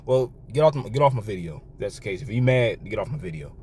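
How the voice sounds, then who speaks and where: Animated man with a lively, swooping voice. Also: fairly low pitch, fast, slightly rough. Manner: animated, repeats words and restarts, laughs between remarks. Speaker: online commentator. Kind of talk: reaction commentary with scripture reading.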